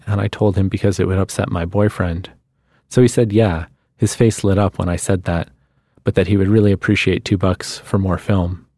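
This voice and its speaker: A man reading a literary short story aloud in a measured storytelling manner, on a studio microphone. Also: deep voice, dark tone, no echo. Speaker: guest reader.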